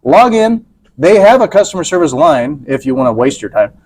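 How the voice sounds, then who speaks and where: A man's voice: mid-range voice, sing-song, fast talker, darkish tone, husky. A man co-hosting a podcast, talking casually and rambling with many restarts. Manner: rambling, hesitant, frequent fillers and restarts. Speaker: podcast co-host. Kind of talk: casual chat.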